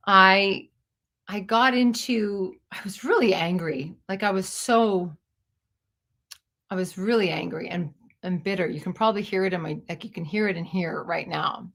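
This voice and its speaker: A woman's voice: medium pitch, vocal fry, fairly bright tone. A woman in her fifties, a storyteller and stage performer, talking through a reflective personal monologue in an earnest, searching and self-questioning way. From Canada. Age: 50s.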